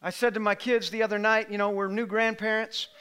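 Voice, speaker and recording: A middle-aged man preaching a sermon to a live congregation in a church, impassioned and building toward near-shouts. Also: sits high, flat delivery, a little fast, very noisy. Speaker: pastor.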